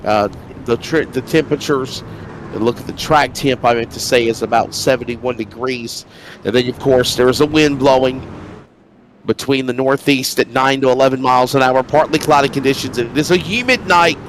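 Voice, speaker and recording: A man's voice: medium pitch, moderate pace, a little hiss or hum. A man calling a sim race as play-by-play commentator, sounding stuffy while recovering from illness. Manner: energetic, builds to loud race-start calls.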